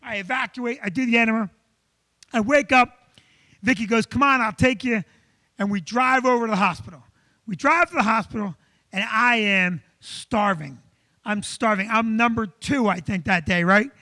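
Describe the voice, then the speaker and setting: High, bright-voiced comedian telling a story. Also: male voice, normal speed. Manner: animated, self-deprecating, acts out dialogue. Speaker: comedian and show host. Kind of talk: live stand-up storytelling. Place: comedy club stage.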